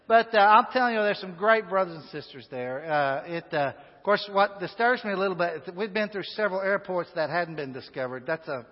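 A man's voice: high voice, lively intonation, brisk, hardly any pauses. A man preaching a sermon in a church, folksy and chatty, with asides and fillers. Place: church sanctuary. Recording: dull sound with long hall reverb.

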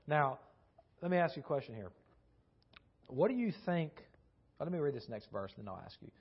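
A man's voice: mid-range voice, very animated, fairly quick, vocal fry, husky. A man giving a conversational sermon, telling a story with many restarts and repeated words and asking his listeners questions. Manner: asks the audience questions. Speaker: preacher teaching a Bible class. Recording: dull lo-fi recording.

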